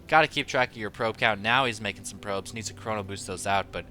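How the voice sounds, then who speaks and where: A man giving casual, opinionated commentary on a strategy game he is playing, thinking out loud as he goes. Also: on the low side, fast. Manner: analytical, opinionated, loose and chatty. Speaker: player commentating his own match. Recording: steady background noise.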